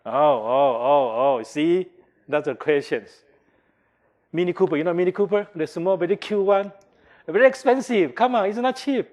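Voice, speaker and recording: Older man giving a lively marketing lecture. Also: high-pitched, normal speed. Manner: animated, acts out customer reactions, asks the class questions; non-native English, simplified grammar. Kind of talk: classroom lecture. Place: lecture hall.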